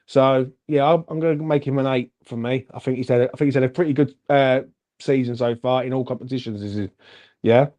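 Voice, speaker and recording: A man co-hosting a casual football fan chat, animated and chatty, calling everyone "mate". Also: mid-range voice, a little fast, highs cut off. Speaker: fan channel co-host.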